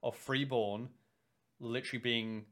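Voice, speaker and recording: Animated young man telling stories. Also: mid-range voice, a little slow. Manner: animated storyteller, acts out quoted lines. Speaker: podcast co-host. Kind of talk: casual podcast chat.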